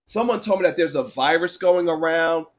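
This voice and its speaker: High-voiced man ranting about sports. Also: moderate pace. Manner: blunt, animated, sarcastic ranting. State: sore throat. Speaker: sports talk show host. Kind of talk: casual opinionated sports talk, reading live chat.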